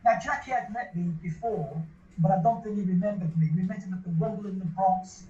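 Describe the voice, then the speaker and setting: Interviewed in an echoey room, a man tells a long, casual anecdote in a loose, rambling way, often restarting and repeating words. His high voice is dark in tone and brisk. The sound is dull and a little lo-fi.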